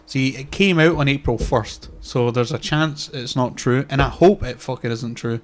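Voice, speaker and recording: A man's voice: mid-range voice, moderate pace. Sweary Scottish man chatting. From Scotland. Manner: sweary, rambling, laughs easily. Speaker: podcast co-host. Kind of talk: casual chat.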